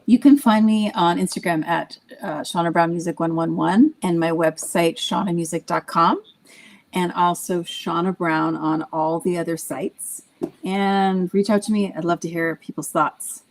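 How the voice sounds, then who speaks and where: A woman with a lower-pitched voice speaks upbeat and friendly as a musician guest on a video call. A faint hiss runs under her audio. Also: steady tone, normal speed. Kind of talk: casual panel chat.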